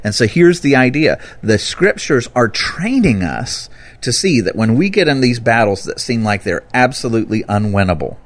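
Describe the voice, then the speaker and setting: A man explaining scripture in a relaxed, conversational way, bursting into loud, lively emphasis when he quotes it. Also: mid-range voice, moderate pace. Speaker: Bible teacher. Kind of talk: conversational teaching talk.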